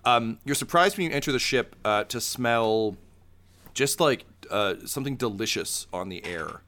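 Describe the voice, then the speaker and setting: A man's voice: medium pitch, expressive, normal speed, pushed and bright. A man running a tabletop game as game master, laid-back and full of fillers.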